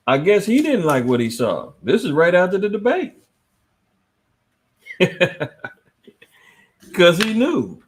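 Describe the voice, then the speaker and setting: A man hosting a casual news commentary livestream, reading articles aloud and answering his chat in a lively, swinging voice. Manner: animated, swinging between loud and low, reads articles aloud, talks to chat. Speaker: host.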